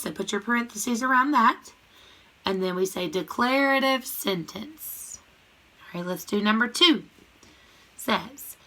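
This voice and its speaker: In a recorded grammar lesson, a female teacher names every word and its part of speech, keeping up a steady call-and-response beat. She has a medium-pitched voice and a moderate pace.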